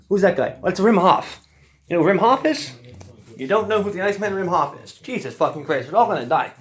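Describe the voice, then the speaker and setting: High, lively-voiced profane ranting man. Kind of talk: rambling casual storytelling.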